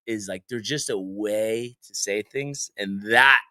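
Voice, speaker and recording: A man hosting a sports podcast, ribbing a caller and the comments with exasperated, animated banter. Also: lowish voice, slow pace, dry recording. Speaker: podcast host.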